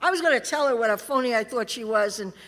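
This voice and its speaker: A woman's voice: on the high side, lively intonation, fast, a bit bright. Blunt, wry woman telling her story. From California. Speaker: recovery meeting speaker. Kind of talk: personal story told to a convention audience. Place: large convention hall. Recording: reverberant convention hall.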